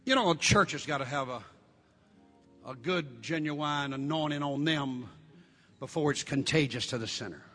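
Older preacher, raspy and bright, live recording with faint music behind. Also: male voice, fairly high pitch, normal speed, long reverb tail. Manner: shouted Pentecostal preaching with hoarse cries. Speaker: pastor. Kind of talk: sermon.

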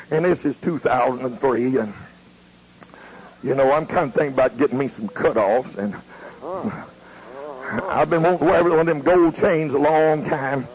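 A preacher doing old Lot, a sweet-talker. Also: male voice, medium pitch, moderate pace, a little mellow, close to an everyday voice. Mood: giddy. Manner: folksy drawl, wheedling and sweet-talking. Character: worldly old patriarch Lot coaxing his wife. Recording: muffled lo-fi tape with faint hiss.

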